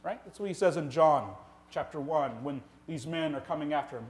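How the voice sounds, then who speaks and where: Earnest pastor preaching a sermon. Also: male voice, on the high side, expressive, brisk. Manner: earnest, rhetorical questions, shifts between loud emphasis and quiet. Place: church sanctuary.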